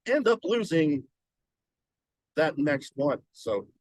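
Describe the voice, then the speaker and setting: A man co-hosts a casual podcast, thinking aloud in a slow, halting way with the odd curse word. His voice sits a bit high, and the recording is dry and close. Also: big pitch swings, dry recording, rough recording. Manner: musing, hesitant, swears casually. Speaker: podcast co-host. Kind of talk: casual chat.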